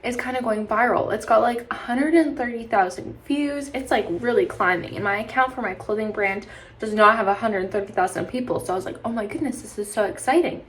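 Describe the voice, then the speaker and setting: A woman's voice: a little high, a little fast. A young woman from British Columbia vlogging casually to camera, tired from lack of sleep, rambling with lots of "like" and restarts. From British Columbia, Canada. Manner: chatty, rambling, frequent "like" and restarts. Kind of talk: casual vlog talk to camera.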